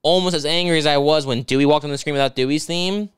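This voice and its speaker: Brief: crisp, smooth-voiced man, slightly high, profane ranting movie talk, dry close mic. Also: fast talker, dry recording. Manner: profane, ranting, acts out characters in silly voices. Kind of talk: casual movie review chat.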